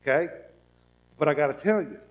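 A man preaching a sermon as pastor, asking the congregation rhetorical questions and acting out people's thoughts, swinging from soft to loud. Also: fairly high pitch, animated, brisk, lo-fi sound.

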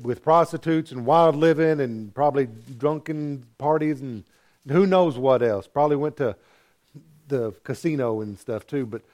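A man preaching a sermon as pastor, retelling a parable with animated storytelling and acted-out voices. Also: mid-range voice, moderate pace. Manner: animated storytelling, acting out characters.

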